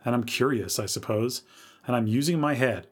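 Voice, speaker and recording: A man's voice: medium pitch, moderate pace, husky, lightly acted. A man doing a fearless, curious young woman. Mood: calm.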